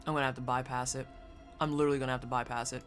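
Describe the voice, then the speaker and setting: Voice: little pitch movement, rapid-fire, a bit bright, soft background music. A streamer giving casual, profane commentary while playing a game and chatting with viewers. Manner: profane, chatty, jumps into high-pitched silly voices.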